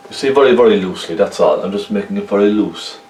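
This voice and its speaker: A man's voice: fairly low pitch, fast talker, darkish tone, echoey room, distant mic, a little hiss or hum, low-quality recording. A man with a Cork Irish accent giving a chatty painting lesson, often checking in with the viewer. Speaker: painting instructor. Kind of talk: casual painting tutorial.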